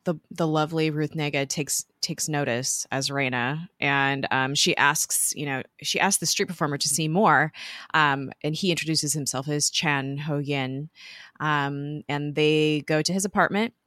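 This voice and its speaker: A woman's voice: deep voice, a bit bright, dry recording, studio quality. A woman co-hosting a podcast, chatting casually and recapping a TV episode with many fillers and restarts. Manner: chatty, halting, lots of fillers. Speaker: podcast co-host.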